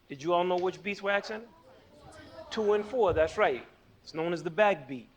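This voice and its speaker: A man's voice: high voice, moderate pace. A man teaching music in a playful, jokey way, teasing his listeners and counting beats aloud. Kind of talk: playful explanatory lesson.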